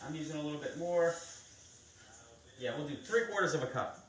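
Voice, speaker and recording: A man's voice: fairly high pitch, animated, fairly quick, fairly bright tone, a little hiss or hum. A man hosting a live cooking stream, chatting viewers through each step of a recipe in a casual way. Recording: echoey kitchen, mic at a distance.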